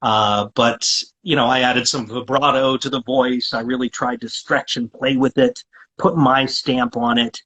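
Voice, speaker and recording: A man's voice: medium pitch, level tone, a little slow, a bit bright, poor audio. A man being interviewed as a guest voice actor, chatting casually and talkatively, often restarting his sentences with fillers.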